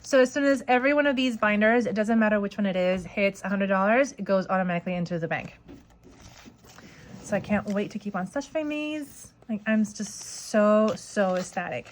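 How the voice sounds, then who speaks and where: A woman in her forties chatting casually on a budgeting vlog, rambling and excited, with a lot of "like" fillers. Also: medium pitch, normal speed, a little hiss or hum. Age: 40s. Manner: rambling and excited, heavy use of "like". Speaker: budgeting vlogger. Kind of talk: casual chat.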